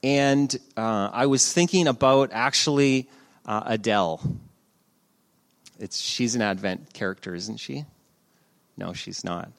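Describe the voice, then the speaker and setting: A man preaching a sermon as the pastor, telling a story in a lively way and slowing down for emphasis. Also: fairly low pitch, vocal fry. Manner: storytelling, animated, slows for emphasis.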